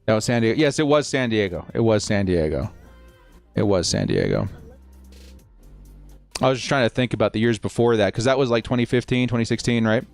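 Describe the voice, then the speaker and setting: A man in his thirties hosting a live football watch party, chatting with viewers and calling plays, getting loud and fired up at big moments. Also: medium pitch. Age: 30s. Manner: excitable, talks fast, shouts at plays. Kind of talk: live sports watch-along commentary.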